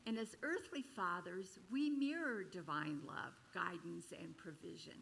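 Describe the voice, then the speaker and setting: An older woman minister telling a personal story in a chatty, expressive sermon at a church service. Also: a little slow, creaky, husky, rough recording. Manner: chatty and expressive, with sudden jumps in pitch and loudness.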